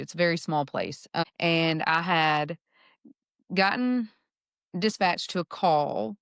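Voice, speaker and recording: A woman police officer co-hosting a podcast, thinking back over a case in a measured, relaxed way. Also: low voice, clean tone, dry recording, clean studio sound. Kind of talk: casual podcast chat.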